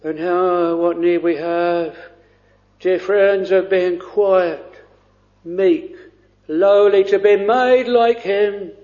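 Preacher guy, earnest and halting, takes his time, muffled old tape sound. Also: sits high, steady tone, darkish tone. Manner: slow, earnest, with frequent hesitations. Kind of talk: sermon. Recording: dull lo-fi recording.

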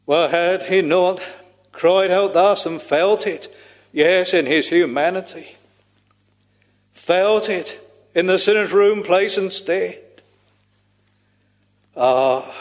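In a large hall, a man with a voice on the high side preaches a solemn sermon in old-fashioned scriptural language. He speaks slowly, drawing out each phrase and sighing "ah" often between them.

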